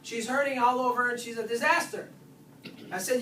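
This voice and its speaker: A chiropractor giving an informal nutrition workshop to patients, lively and full of "guess what?" asides. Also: mid-range voice, normal speed. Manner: animated, keeps asking "guess what?". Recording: roomy, distant, faint hiss.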